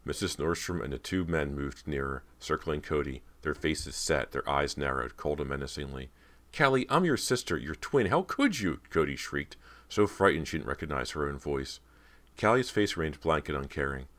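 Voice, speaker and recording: A man narrating a horror audiobook in a steady, measured reading. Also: rumbling low.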